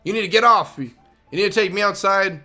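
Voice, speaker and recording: A man's voice: sits high, fast talker, bright, forceful tone, faint music behind, voice pushed up. A man voicing his impatient pet dog.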